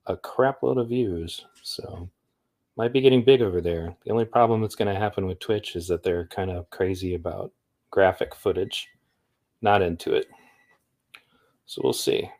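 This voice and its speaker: A man's voice: sits low, darkish tone. A man hosting a livestream in a rambling, upbeat, chatty way. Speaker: livestream host. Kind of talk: casual livestream chat.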